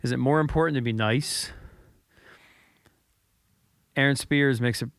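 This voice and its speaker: A man co-hosting a podcast, telling a story in an earnest, reflective way, often halting and repeating his words. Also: mid-range voice, clear, resonant tone, no echo, clean studio sound. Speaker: podcast co-host.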